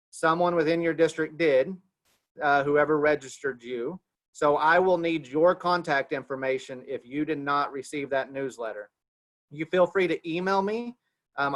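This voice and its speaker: Man, Oklahoma accent, webinar host on a video call, slightly high voice, folksy and repetitive. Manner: loose, repeats himself, folksy. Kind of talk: casual announcements on a video call.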